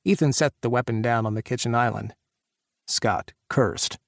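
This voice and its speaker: A man narrating an audiobook in a measured, even reading voice. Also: medium pitch, gravelly, dry recording, studio quality.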